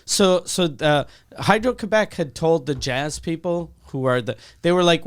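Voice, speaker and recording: A man's voice: a little high, lively intonation, moderate pace, clean tone. A man co-hosting a comedy podcast, chatting casually, laughing often and restarting his sentences. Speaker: podcast co-host.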